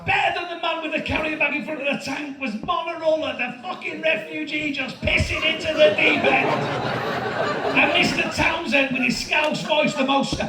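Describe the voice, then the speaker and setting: Stand-up comic, man, 50s, high voice, profane storyteller, distant echoey live room, crowd laughter. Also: fairly even intonation, normal speed, over music. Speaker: stand-up comedian. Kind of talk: stand-up routine. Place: large comedy venue with audience laughter. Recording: echoey venue recorded from far off with crowd. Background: audience laughing.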